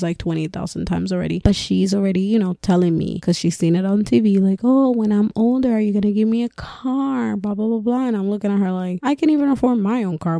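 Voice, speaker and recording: A woman's voice: mid-range voice, vocal fry, mellow, dry recording, clean studio sound. A young woman hosting a casual solo podcast, chatting and laughing through her asides. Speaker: podcast host.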